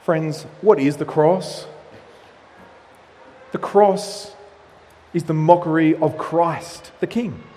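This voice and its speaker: Male pastor, slightly high-pitched, animated sermon delivery, long hall reverb. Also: slow pace, long pauses. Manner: animated preaching with acted-out quotes.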